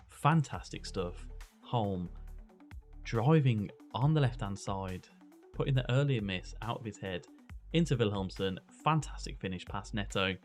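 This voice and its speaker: A man's voice: on the low side, normal speed, faint music behind. Man commentating a football game. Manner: excitable match commentary with tactical musing. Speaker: Football Manager streamer. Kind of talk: gameplay commentary.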